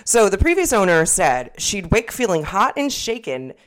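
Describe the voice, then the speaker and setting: A woman's voice: mid-range voice, very animated, normal speed. A young woman co-hosting a podcast in casual chat, rambling and swearing freely, often restarting her sentences. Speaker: podcast co-host.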